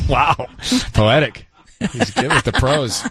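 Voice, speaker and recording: Playful, animated male radio host. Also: medium pitch, very slow, breathy edge, dry recording. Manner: joking, playful teasing. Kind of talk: radio talk show chat. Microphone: studio microphone.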